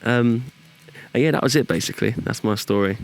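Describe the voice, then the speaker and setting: A man's voice: mid-range voice, a little fast, creaky, soft background music. A young man, chatting casually on a podcast and telling a story with lots of "like" and acted-out quotes. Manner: animated storyteller, acts out quoted voices, lots of "like" and swearing. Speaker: podcast co-host.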